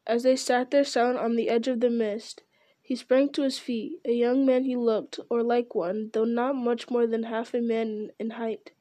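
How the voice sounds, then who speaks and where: A woman reading a fantasy novel aloud in a measured way, often restarting over a word. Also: on the high side, dark tone, dry recording. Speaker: reader.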